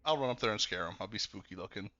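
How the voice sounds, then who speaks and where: A man's voice: fairly low pitch, animated, rapid-fire, sharp tone. A man playing in a tabletop game, playful and joking about his turn. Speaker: player. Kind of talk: casual tabletop game play. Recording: dull lo-fi mic.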